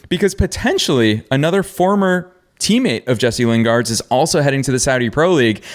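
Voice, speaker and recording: A man co-hosting a soccer podcast, direct and opinionated, steering the conversation. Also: mid-range voice. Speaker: co-host. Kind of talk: casual podcast chat.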